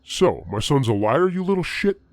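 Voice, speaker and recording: A man voicing a big, furious husband who snarls loud threats. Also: deep voice, fast talker, dry recording, voice pushed down, lightly acted. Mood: menacing.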